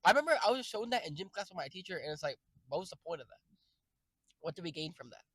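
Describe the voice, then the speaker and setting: A young man streaming, rambling through jokey, profane tangents with sudden loud outbursts. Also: a little high, animated, rapid-fire, dry recording, poor audio. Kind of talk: casual rambling stream chat.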